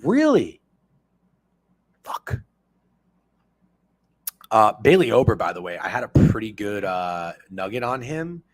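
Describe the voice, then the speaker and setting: A man in his thirties hosting a sports betting stream, talking casually and excitably with lots of profanity while reacting to his chat. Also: on the low side, moderate pace, few pauses, no echo. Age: 30s.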